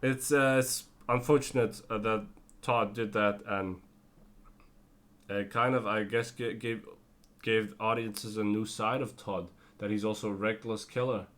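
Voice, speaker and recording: A tired man giving a casual spoken TV review, rambling with lots of fillers and self-corrections and slipping into quick character impressions. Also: fairly low pitch, fairly even intonation, fairly bright tone. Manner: breaks into brief character impressions. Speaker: TV show reviewer.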